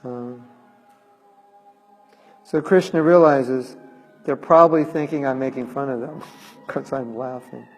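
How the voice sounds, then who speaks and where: A man's voice: medium pitch, unhurried, pauses often, big-room sound, soft background music, poor audio. A man giving a devotional talk and retelling a sacred story, acting out the quoted lines. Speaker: lecturer. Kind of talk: devotional lecture.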